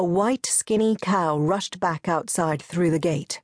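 A woman reading a novel aloud as an audiobook narrator, measured and unhurried. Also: lowish voice, no room sound, studio quality.

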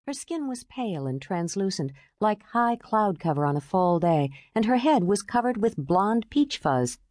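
Expressive female audiobook narrator. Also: medium pitch, dry recording, studio quality. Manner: measured and expressive. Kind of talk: scripted narration.

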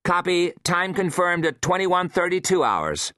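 A man voicing a tough, practical woman paleontologist, speaking briskly in a raised voice. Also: high voice, sing-song, sharp tone, no echo, clean studio sound, pitched above the performer's own voice, exaggerated voice. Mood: brisk radio.

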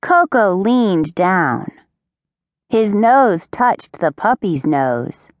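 A woman reading a children's storybook aloud, very slow and clear, her pitch rising and falling with lively expression. She is close to a studio mic and the sound is dry, with no room around her. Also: no room sound. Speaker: audiobook narrator.

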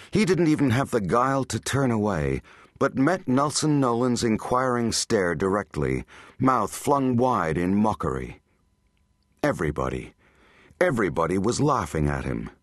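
Male audiobook narrator, low voice, animated delivery, dry close studio sound. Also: dry recording. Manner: dramatic, tense storytelling. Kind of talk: scripted narration.

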